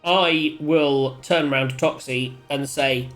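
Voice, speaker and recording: A man's voice: a little high, steady tone, takes it slowly, a bit bright, faint music behind. A man playing a tabletop game who stammers and repeats words while speaking in character and out. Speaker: player. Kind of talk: casual tabletop game play.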